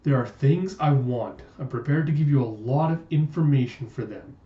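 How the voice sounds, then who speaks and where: A man's voice: mid-range voice, normal speed, natural voice. A man voicing a tired, angry young male captive who speaks bluntly and defiantly. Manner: blunt and defiant, rising to pleading shouts. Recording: roomy, distant, dull lo-fi sound.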